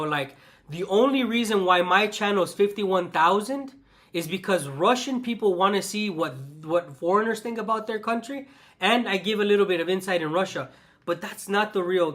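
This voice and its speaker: A man's voice: high-pitched, normal speed, fairly bright tone. A man hosting his own channel, talking in a passionate monologue that repeats itself and restarts often. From the West. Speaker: channel host. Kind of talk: ranting vlog monologue.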